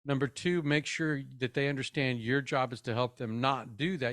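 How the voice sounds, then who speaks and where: A man's voice: medium pitch, normal speed, few pauses, fairly bright tone, no echo, studio quality. Upbeat casual man addressing parents. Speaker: parenting webinar presenter. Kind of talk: conversational talk to parents.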